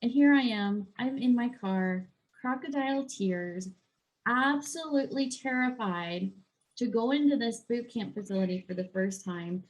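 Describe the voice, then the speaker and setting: Lively woman coach telling a story. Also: a little high, rough recording. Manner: animated, quick swings into acted-out inner voices. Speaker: guest health and life coach. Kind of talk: casual storytelling in a podcast interview.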